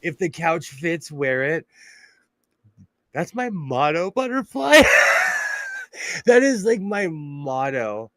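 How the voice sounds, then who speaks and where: A man's voice: a little high, animated, slow, pauses often, a bit bright, no echo, studio quality. A man chatting casually as a guest, rambling and joking about himself. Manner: rambling, jokey, self-deprecating. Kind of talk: casual chat.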